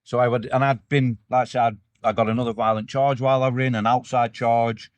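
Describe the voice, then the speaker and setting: A man's voice: medium pitch, flat delivery, brisk, dry recording. Guy, ex-con guest, rambly and honest, lots of yeahs, dry room sound. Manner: candid storytelling, rambling with restarts, constant "yeah" agreement. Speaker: guest, former prisoner. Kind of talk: casual interview chat.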